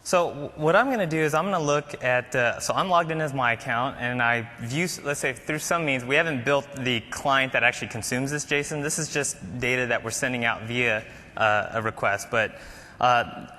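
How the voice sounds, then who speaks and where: A man walks a conference audience through a live code demo in a loose, chatty way, dropping fillers as he works. His voice is bright and forward. The hall adds a long reverb tail. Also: mid-range voice, moderate pace. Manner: casual, explains while typing, frequent fillers. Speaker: conference presenter. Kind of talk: live coding demo talk.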